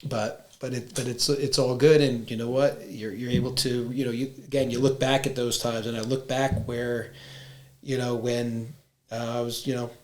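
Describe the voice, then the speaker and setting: A man in his fifties, a podcast guest, talking casually and reflectively with halting restarts. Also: medium pitch, level tone. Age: 50s. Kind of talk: casual chat.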